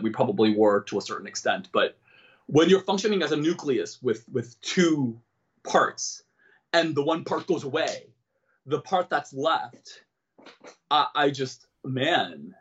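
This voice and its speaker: Animated man telling a candid story. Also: a little high, muffled recording. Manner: self-deprecating, jokes about dark topics; animated, switches into quoted voices. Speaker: comedian and guest. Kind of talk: candid personal storytelling in an interview.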